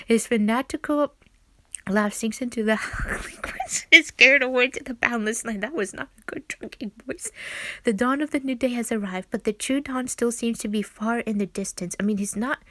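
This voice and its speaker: A woman's voice: a little high, unhurried, a bit bright, dry recording. Giggly young woman reading a game story. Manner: giggly, chatty asides. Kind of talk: casual reading with commentary.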